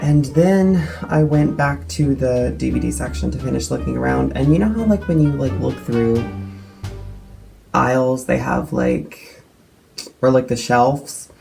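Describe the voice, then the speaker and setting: A teenage boy telling a story to the camera in a rambling way, full of "like" and quick asides. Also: medium pitch, vocal fry, faint music behind, rough recording. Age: teens. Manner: rambling with many likes, animated retelling. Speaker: vlogger.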